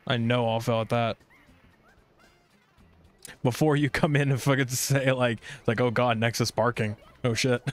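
A man's voice: medium pitch, steady tone, a little slow, long pauses, faint music behind. A man streaming a video game, grumbling and swearing in a rambling, irritable running commentary. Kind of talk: casual gameplay streaming commentary.

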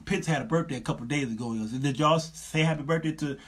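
Husky-voiced preachy male talk host. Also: a little high, fairly quick. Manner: preachy, lecturing, laughs often. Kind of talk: casual livestream talk to viewers.

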